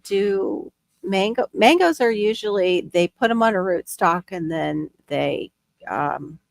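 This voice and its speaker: A woman hosting a casual chat, talkative and quick to gasp. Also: mid-range voice, lively intonation, gravelly. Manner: chatty, gardening talk, quick gasps. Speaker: host.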